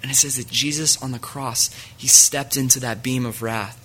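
A man's voice: mid-range voice, fairly even intonation, moderate pace, sharp tone, a little hiss or hum. A man preaching a sermon in an earnest way, reading scripture aloud to his listeners.

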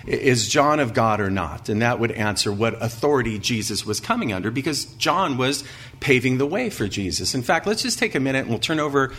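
A man's voice: medium pitch, animated, fairly quick, fairly bright tone. A man preaching a sermon, reading scripture aloud with emphasis and asking his listeners rhetorical questions. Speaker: pastor. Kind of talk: sermon, expository Bible teaching.

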